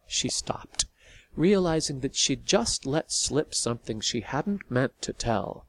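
Man, storybook reading, slow pace, steady, measured. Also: medium pitch. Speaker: narrator.

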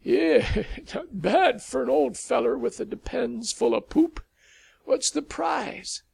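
A man's voice: high voice, sing-song, unhurried, warm tone, husky, voice pushed up, full character voice. A man doing Sally, a brash young woman. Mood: mocking. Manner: brash, coaxing and sarcastic.

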